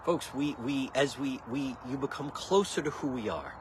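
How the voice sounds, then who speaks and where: A man's voice: medium pitch, moderate pace, hardly any pauses, background noise. A man hosting a casual livestream, rambling and joking with an indignant edge. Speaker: livestream host.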